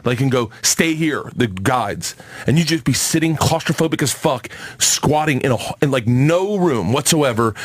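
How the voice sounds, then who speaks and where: A man, a comedian guest in a radio studio, telling a wild story in an excitable, profane way and acting out the quotes. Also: mid-range voice, normal speed, no echo. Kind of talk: animated storytelling in studio chat.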